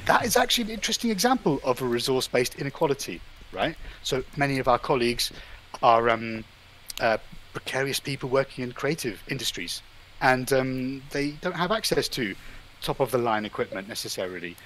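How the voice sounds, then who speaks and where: A man speaks at an everyday middle pitch, giving an informal talk to a small group. He thinks aloud, stopping and restarting his sentences and filling the gaps with hesitation sounds. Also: fairly bright tone, a little hiss or hum, rough recording. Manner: halting, thinking aloud with many filler sounds. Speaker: invited presenter at an online art event.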